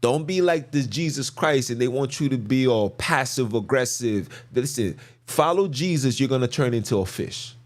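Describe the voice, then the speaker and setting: Male podcast host, mid-pitched and preachy, street slang, hammers lines by repeating them. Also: lively intonation, moderate pace, hardly any pauses. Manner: emphatic, slangy, repeats phrases for stress. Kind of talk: preachy scripture commentary.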